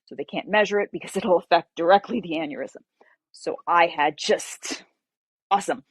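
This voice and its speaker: A woman guest author telling a personal story in lively conversation, acting out what others said and using precise medical terms. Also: lowish voice, moderate pace, slightly rough, no echo, rough recording. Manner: animated, acts out quoted people.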